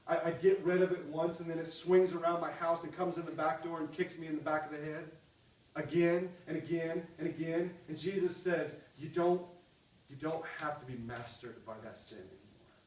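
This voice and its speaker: Male pastor, higher voice, impassioned sermon, echoey hall, a little off the mic. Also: little pitch movement, fairly quick, recorded from a distance. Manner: impassioned, swinging from loud cries to soft pleading.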